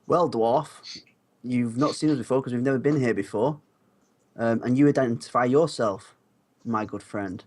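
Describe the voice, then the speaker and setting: A man's voice: medium pitch, brisk, fairly bright tone, natural voice. A man voicing a stubborn, sarcastic male adventurer in a tabletop game.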